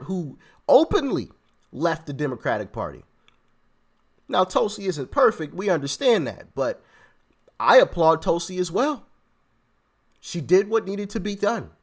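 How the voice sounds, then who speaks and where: A man with a voice on the high side hosts a commentary channel, reacting in casual talk. He's animated, often restarts his phrases, and addresses his viewers directly.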